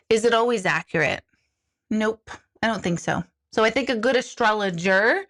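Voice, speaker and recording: Blunt, chatty middle-aged woman. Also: a bit bright. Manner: chatty and blunt, jumps into high panicky voices for quoted thoughts. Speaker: intuitive coach answering viewer questions. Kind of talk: casual live talk.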